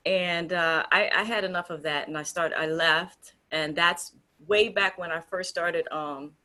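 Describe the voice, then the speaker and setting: Low-voiced woman, emphatic and earnest. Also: fairly even intonation, a little slow, sharp tone. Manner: earnest, emphatic, with frequent restarts. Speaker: group founder and co-host. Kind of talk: casual discussion.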